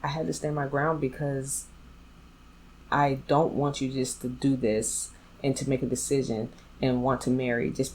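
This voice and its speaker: A woman's voice: extremely low pitch, mellow, a little hiss or hum, low-quality recording. A woman vlogger telling a personal story in a candid, blunt way, speaking straight to her viewers. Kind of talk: storytime vlog.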